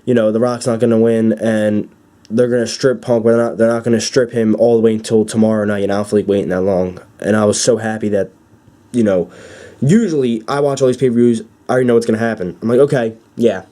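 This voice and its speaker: A young man giving an excited, rambling fan recap with many fillers and restarts. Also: lowish voice, fast. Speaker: wrestling fan vlogger.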